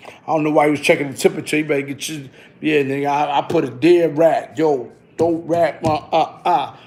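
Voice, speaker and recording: A man's voice: fairly high pitch, fairly even intonation, brisk, a little mellow. A middle-aged man telling a story in casual street slang, tagging lines with "you heard?". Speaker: vlogger.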